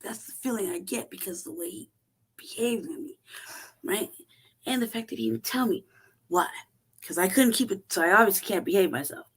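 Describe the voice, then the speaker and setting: A woman's voice: medium pitch, brisk, pauses often, husky. Profane woman telling a story with laughs. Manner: profane, animated, laughs often, acts out quotes. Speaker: show host. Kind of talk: casual storytelling chat.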